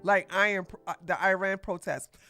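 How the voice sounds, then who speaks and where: This livestream podcast host gives frank opinions in a casual way, often laughing and reading out donations from viewers. Her mid-range voice is bright and forceful, with fairly even intonation at a moderate pace, and faint music sits in the background.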